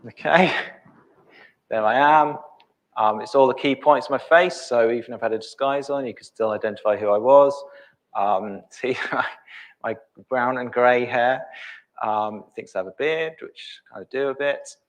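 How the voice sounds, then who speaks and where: A middle-aged man presenting a live software demo, thinking aloud with many ums and restarts. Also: medium pitch, moderate pace.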